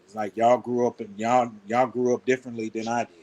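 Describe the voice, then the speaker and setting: Man, mid pitch, laid-back, reflective, casual podcast co-talker. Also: little pitch movement, fairly quick, a little mellow, rough recording.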